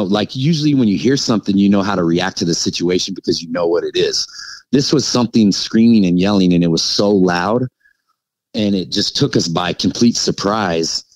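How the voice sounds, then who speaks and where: A man's voice: on the low side, a little mellow, no room sound, rough recording. A man telling a podcast host about an encounter in a casual, rambling way, full of fillers and restarts. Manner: rambling and halting, full of "like" and "you know". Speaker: podcast guest recounting an encounter. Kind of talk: casual storytelling.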